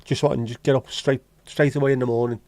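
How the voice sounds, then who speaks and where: A man's voice: medium pitch, little pitch movement, fast talker, warm tone, no echo. A man with a Liverpool accent hosting a casual livestream, bantering bluntly and swearing as he chats with viewers. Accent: Liverpool (Scouse). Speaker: livestream host. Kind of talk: casual live-stream chat.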